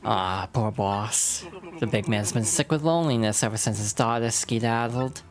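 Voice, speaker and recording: Woman doing a tough-guy game goon: talk out of the side of the mouth, slangy and menacing, a gruff male mobster. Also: a bass voice, normal speed, soft background music.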